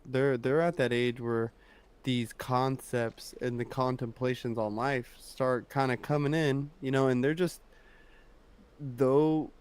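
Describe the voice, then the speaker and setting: Relaxed reflective man in casual chat. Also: mid-range voice, smooth. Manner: relaxed, reflective, says "like" and "bro" a lot. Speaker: podcast co-host.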